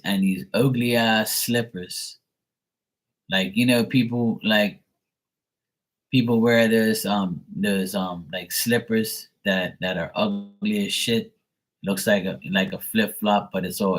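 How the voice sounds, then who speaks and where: Poor audio carries the fairly low-pitched voice of a man doing tarot readings on a live stream. His casual chat wanders, is full of fillers, and includes frequent swearing.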